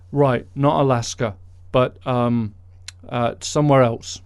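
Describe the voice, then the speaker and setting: A man's voice: mid-range voice, fairly even intonation, takes it slowly, darkish tone, clean tone, no room sound. A man hosting a podcast, delivering a sarcastic, mocking political monologue. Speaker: podcast host.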